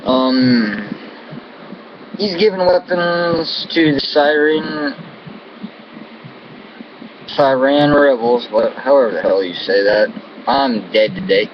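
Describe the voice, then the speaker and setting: A man's voice: mid-range voice, takes it slowly, pauses often. An American man delivering an angry, profane political rant to camera, full of contempt and insults. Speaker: vlogger. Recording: dull lo-fi audio with air-conditioning hum.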